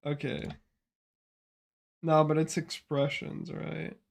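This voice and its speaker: A man streaming who talks casually and bluntly, swearing as he reacts. His voice is gravelly, sits a little high, and keyboard clicks sound behind him. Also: level tone, takes it slowly. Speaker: speedrun streamer.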